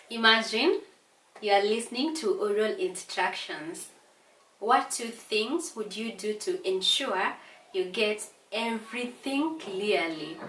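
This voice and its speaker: Slow, echoey Kenyan woman teacher. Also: mid-range voice, a bit bright, far from the mic, slight background noise. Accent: Kenyan English. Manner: slow, deliberate explaining with hesitations and repeated words. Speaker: English teacher. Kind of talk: exam revision lesson. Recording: echoey room, voice away from mic.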